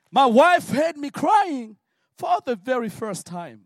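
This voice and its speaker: A man from Africa preaching a sermon and telling his own story, swinging from hushed words to shouted prayer. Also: very high-pitched, very animated, slow, no echo, clean studio sound. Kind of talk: sermon testimony.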